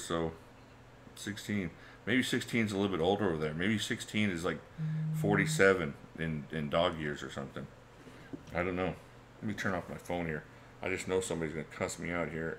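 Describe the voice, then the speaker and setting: A man's voice: deep voice, sharp tone, a little hiss or hum. A middle-aged man hosting a casual livestream, reading chat comments and laughing often in a chatty, laid-back way. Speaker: livestream host.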